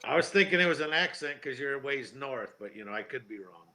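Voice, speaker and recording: A man guest in a casual chat, folksy and quick to laugh. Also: mid-range voice, expressive, bright, forceful tone. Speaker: event organizer guest.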